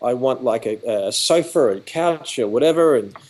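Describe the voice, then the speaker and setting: A man's voice: medium pitch, lively intonation, moderate pace, a little mellow. Chatty Australian man telling stories. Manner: chatty, acts out dialogue with quoted exchanges. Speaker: photography educator. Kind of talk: animated conversational storytelling. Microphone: video call.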